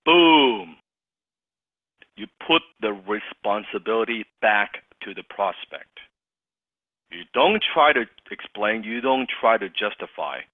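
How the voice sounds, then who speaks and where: A sales trainer coaches his team in an interactive session, unhurried but emphatic, circling back to his key points for everyone. His fairly low voice has lively intonation and no room sound around it, though the audio comes through tinny like a phone call.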